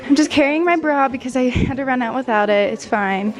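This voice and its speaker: Bubbly high-voiced young woman vlogging. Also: quick pace. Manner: bubbly, chatty, laughs often, lots of "like". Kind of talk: casual vlog chat to camera. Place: hotel room and rented house, indoors. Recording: noisy room ambience.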